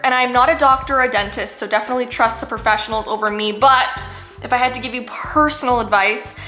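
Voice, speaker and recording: A woman's voice: a little high, steady tone, fast talker, bright, forceful tone, reverberant, faint music behind. A woman in her thirties answering viewer questions in a candid, chatty vlog, saying "like" a lot. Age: 30s. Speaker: YouTuber. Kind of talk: casual Q&A vlog.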